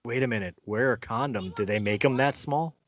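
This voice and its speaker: A man's voice: mid-range voice, a little fast, dry recording. A man playing in a tabletop role-playing game, wisecracking and laughing often. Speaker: player. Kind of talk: casual tabletop game talk. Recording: dull, lo-fi podcast audio.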